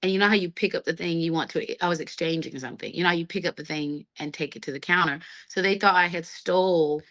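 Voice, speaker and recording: A woman from the United States with a somewhat low voice talks as a guest in a casual interview. She is an animated storyteller who acts out the people in her stories. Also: fast talker. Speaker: guest, stage actress and singer.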